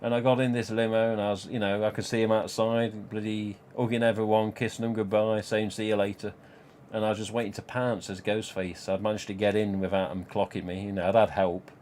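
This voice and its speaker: Rambling low-voiced man. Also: level tone, fairly quick, a little mellow, slight background noise. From Nottingham, England. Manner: rambling, swears freely, laughs at own jokes. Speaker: live stream host. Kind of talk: casual storytelling chat.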